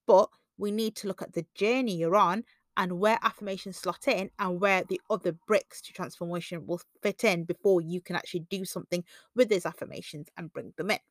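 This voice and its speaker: A woman hosts a self-help podcast in a relaxed, conversational monologue. She leaps into animated quoted voices now and then, and the recording is close and dry with no room sound. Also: dry recording. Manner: conversational, acts out quoted voices with big pitch jumps. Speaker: podcast host.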